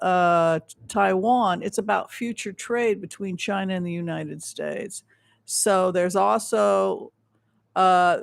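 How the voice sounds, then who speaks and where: A man's voice: high voice, gravelly, no room sound. A man hosting a livestream of psychic readings and tarot commentary. He rambles with many restarts and makes his points with emphasis. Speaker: psychic show host.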